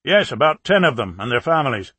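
A man's voice: medium pitch, big pitch swings, fast, bright, forceful tone, husky, no room sound, heavily acted. A man voicing a chatty plumber. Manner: gossipy, talkative. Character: chatty middle-aged male British plumber, ex-soldier.

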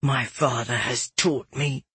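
A man's voice: medium pitch, steady tone, slow, fairly bright tone, slightly rough, no room sound, exaggerated voice. A narrator voicing an arrogant young nobleman who sneers and threatens in a cold, menacing way. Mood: contemptuous.

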